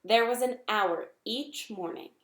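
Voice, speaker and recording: A woman reading a children's novel aloud with gentle, expressive storytelling. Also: on the high side, measured pace, roomy sound. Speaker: reader.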